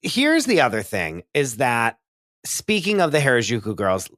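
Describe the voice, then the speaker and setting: A man's voice: medium pitch, wildly swooping pitch, normal speed, a bit bright, no echo, studio quality. Rambling man co-hosting a comedy podcast. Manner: rambling, full of "like", laughs often. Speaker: podcast co-host. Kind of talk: casual comedic chat.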